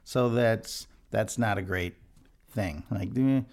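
A man's voice: lowish voice, takes it slowly, vocal fry, darkish tone. A man who leads worship, hosting a devotional podcast in an earnest, conversational way, often restarting his sentences. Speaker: worship leader, podcast host.

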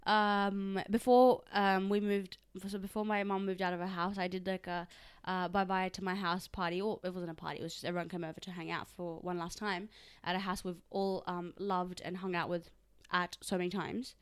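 A woman's voice: on the low side, little pitch movement, moderate pace, few pauses, clean tone. A young woman co-hosting a podcast, chatting casually, laughing often and jumping in to argue playfully with her partner. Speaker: podcast co-host. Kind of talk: casual chat.

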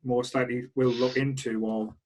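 A man co-hosting a relaxed podcast chat, with a voice pitched at an ordinary middle level. He speaks in a measured way, often circling back and repeating words as he finds his point. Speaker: podcast co-host. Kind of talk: casual chat.

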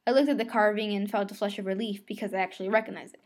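A woman's voice: mid-range voice, steady tone, racing, few pauses, a little mellow. A woman reading a novel aloud, telling the first-person story in a conversational way. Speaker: reader.

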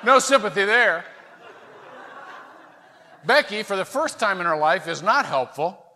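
A middle-aged male pastor preaching a sermon, telling a story in an animated, self-mocking way. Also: high-pitched, measured pace, a little hiss or hum. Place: large church sanctuary. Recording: reverberant church sanctuary.

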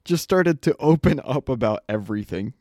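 A man's voice: mid-range voice, animated, normal speed, a little mellow, no room sound, studio quality. A young man co-hosting a podcast who tells a story in a casual, rambling way. He acts out the quotes and laughs often. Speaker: podcast co-host.

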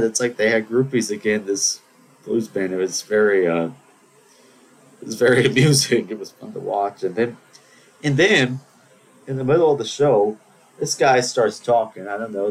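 A man's voice: fairly low pitch, a little hiss or hum, rough recording. A man hosting a podcast, telling a story in a casual, digressive monologue with wry asides. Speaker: podcast host.

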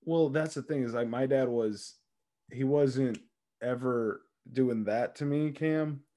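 A man in easy, casual conversation, telling lively stories that often break into laughter. His pitch sits in an ordinary middle range and he swears freely. He talks like a regular on his own show. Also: takes it slowly. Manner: animated storytelling with frequent laughs and swearing. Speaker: podcast co-host. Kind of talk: casual chat.

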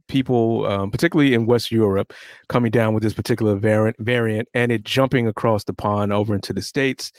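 A relaxed man co-hosts a podcast, reading out news and steering the conversation. His voice sits in a middle pitch and the sound is dry. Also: no room sound. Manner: relaxed, playful, steers the talk. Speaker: podcast co-host. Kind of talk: casual chat and news rundown.

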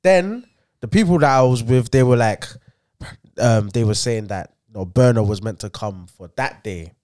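A man's voice: medium pitch, moderate pace, darkish tone, clean tone. A man co-hosting a casual podcast chat, arguing his point heatedly and laughing as he goes. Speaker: podcast co-host.

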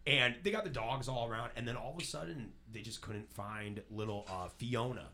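A man co-hosting a casual talk show, telling a news story with lots of laughter and a lively delivery. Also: mid-range voice, normal speed, crowd noise. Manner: animated storyteller, laughs often.

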